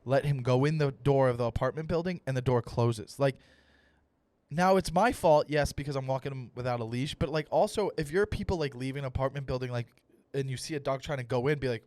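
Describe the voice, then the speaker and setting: A young adult man hosting a comedy podcast, ranting with animated, profane storytelling and acted-out dialogue. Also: mid-range voice, fairly quick, dry recording. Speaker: comedian host.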